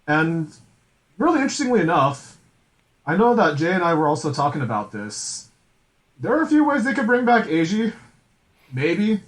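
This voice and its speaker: A man's voice: a little high, big pitch swings, normal speed, long pauses, a bit bright, rough recording. A man co-hosting a podcast, rambling through a casual chat with many fillers and restarts. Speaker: podcast co-host.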